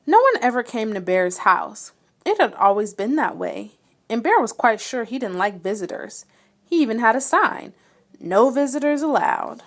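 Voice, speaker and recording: Expressive woman reading a picture book. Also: on the high side, normal speed. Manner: expressive, dramatic storytelling. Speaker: read-aloud reader. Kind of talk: children's storybook read-aloud.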